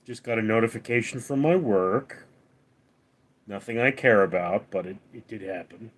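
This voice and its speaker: A young man from Los Angeles hosting a live stream, casually reading viewer comments aloud and answering them in a relaxed, rambling way. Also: on the low side, moderate pace. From Los Angeles, California. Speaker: livestream host.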